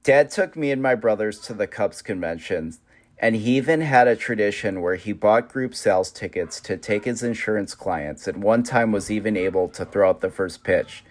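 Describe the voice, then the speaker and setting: Man, lowish voice, memorial narration, steady, plain storytelling. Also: normal speed. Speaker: memorial narrator, son of the deceased.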